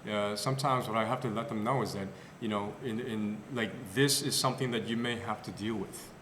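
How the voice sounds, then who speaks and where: A man's voice: fairly low pitch, fairly quick, a little hiss or hum. A male physical therapist on a podcast, telling patient stories casually with lots of fillers and restarts. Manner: storytelling, animated, with many fillers and restarts. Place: clinic podcast room. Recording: roomy echo with long reverb.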